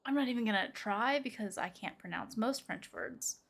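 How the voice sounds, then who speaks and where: A woman's voice: a little high, expressive, normal speed, a bit bright. A young adult woman streaming a game, reading the dialogue aloud with playful, self-deprecating asides at a desk mic. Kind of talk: live gameplay commentary, reading dialogue aloud.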